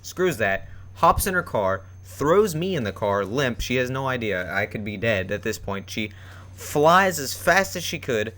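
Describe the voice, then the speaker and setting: A man's voice: medium pitch, sing-song, a little slow, bright, forceful tone. A young man telling a personal story in a rambling, casual way, with many fillers and restarts. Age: young adult. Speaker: vlogger.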